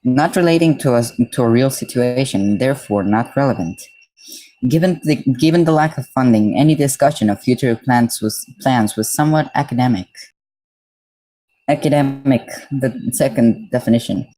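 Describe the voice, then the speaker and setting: A man's voice: mid-range voice, normal speed, dark tone, low-quality recording. A man from Mexico streaming live, reading dictionary definitions aloud and breaking off to chat casually with his viewers.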